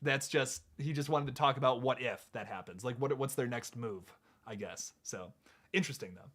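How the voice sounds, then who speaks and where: A man hosting a casual live stream chat, excitable, laughing often and restarting his sentences. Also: mid-range voice, normal speed. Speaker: host.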